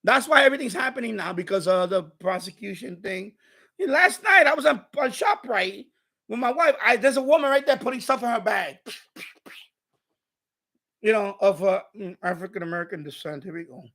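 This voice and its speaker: A man hosting a casual live stream, telling a story in an animated, ranting way and chatting with viewers. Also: high voice, gravelly, slightly rough.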